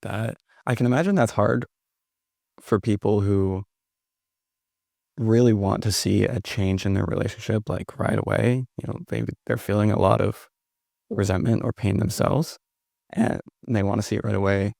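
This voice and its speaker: A man's voice: fairly low pitch, normal speed, gravelly, a little mellow, no echo, clean studio sound. A man hosting a podcast who asks his questions hesitantly, searching for words with many fillers. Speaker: podcast host. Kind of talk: interview questions.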